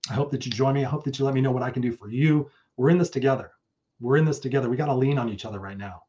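A man's voice: mid-range voice, racing, mellow, muffled recording, a little hiss or hum. A man hosting his own live stream, talking casually and effusively with some swearing, and reading out chat comments. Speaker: host.

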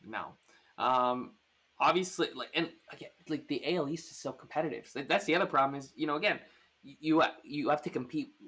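A man's voice: a little high, a little fast, a bit bright, breathy edge. A man hosting a podcast, chatting casually about sports with lots of fillers and restarts. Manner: rambling, full of fillers and restarts. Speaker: podcast host.

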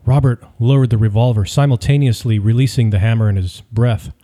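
A man reading a story aloud as narrator, in a steady, measured delivery. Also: mid-range voice. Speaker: audiobook narrator. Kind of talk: scripted narration.

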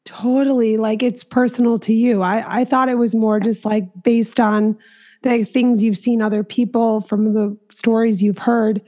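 A woman with a somewhat high-pitched voice hosts a relaxed interview. She talks chattily and warmly toward her guest, leaning on lots of "like" fillers. She is from Minnesota. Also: unhurried. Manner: chatty, empathetic, many fillers like "like". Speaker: podcast host. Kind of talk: casual interview chat.

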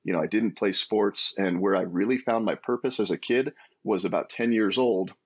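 A man in his forties telling his own story as a guest in an interview, earnest and animated, with frequent restarts. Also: on the low side, moderate pace, husky. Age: 40s. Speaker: guest, entrepreneur.

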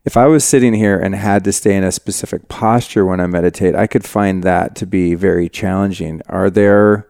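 A man's voice: low voice, fairly even intonation, moderate pace, creaky, hardly any pauses, darkish tone, no echo. A man hosting a podcast, asking rambling questions in a laid-back, slangy way. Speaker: podcast host. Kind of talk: casual interview chat.

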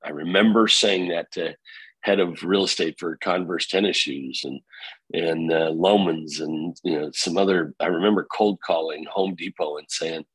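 A middle-aged man, a real estate company founder, being interviewed, telling energetic stories and acting out what people said. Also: low voice, unhurried, slightly rough, dry recording, low-quality recording. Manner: energetic storyteller, quotes himself and others. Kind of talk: conversational interview.

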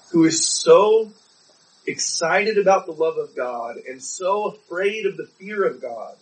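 A man's voice: a little high, far from the mic, rough recording. A man preaching a sermon, telling a personal story in an earnest, pleading way.

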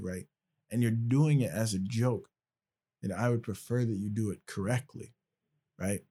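A man's voice: on the low side, normal speed, mellow, breathy edge. A male podcast host talking casually and explaining at length, checking in often with "right?". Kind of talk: casual conversational podcast talk.

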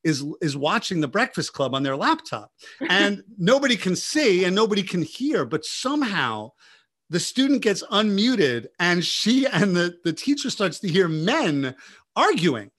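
A man co-hosting a podcast, telling stories in a casual, animated way with many restarts. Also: high voice, measured pace. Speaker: podcast co-host.

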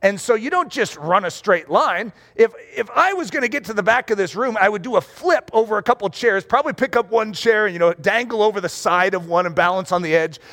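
Animated, high-voiced preacher man. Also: fairly quick, hardly any pauses. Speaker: pastor. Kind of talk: sermon. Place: room with rows of chairs.

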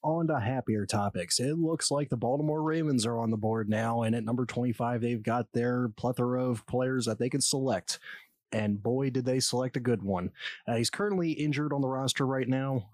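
A man's voice: medium pitch, normal speed, darkish tone, no echo, studio quality. A man giving casual, opinionated commentary on football draft picks, blunt and swearing at times.

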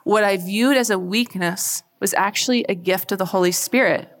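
A woman gives a lively faith talk to a live audience, her voice sitting in an ordinary middle register. She talks in a chatty, animated way and often turns questions to the crowd. Her voice rings with the long reverb of a large hall. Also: mid-range voice, normal speed. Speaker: speaker at a church event.

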